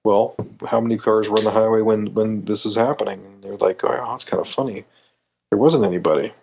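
Animated Canadian man telling a story. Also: fairly low pitch, fairly quick, creaky, husky, muffled recording. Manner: animated, acts out quoted voices, frequent restarts. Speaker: guest. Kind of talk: storytelling in a podcast interview.

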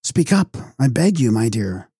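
A man's voice: mid-range voice, steady tone, normal speed, dark tone, husky, no room sound, studio quality, natural voice. A man voicing a shy, eager young disciple who presses his friend impatiently. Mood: pleading.

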